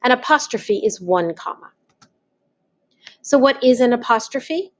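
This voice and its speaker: Slow, patient woman teaching a lesson. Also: on the high side, expressive. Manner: patient, spells things out step by step. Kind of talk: slow, deliberate classroom explanation.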